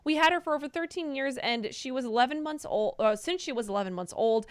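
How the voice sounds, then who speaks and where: A woman's voice: high-pitched, fast, clear, resonant tone, dry recording. A woman co-hosting a livestream who reads viewer names and messages aloud and thanks them. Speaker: co-host reading viewer messages. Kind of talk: reading chat messages aloud.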